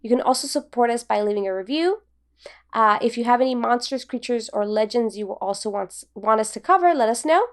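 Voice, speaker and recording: A woman's voice: a little high, lively intonation, fairly quick. A woman co-hosting a podcast in casual chat. She talks in a giggly, rambling way with lots of fillers. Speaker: podcast co-host.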